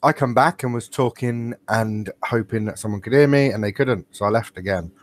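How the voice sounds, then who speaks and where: A man's voice: on the low side, brisk, no echo. A man co-hosting a podcast, joking, laughing often and rambling through stories. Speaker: podcast co-host. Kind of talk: casual chat. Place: at home on an online call.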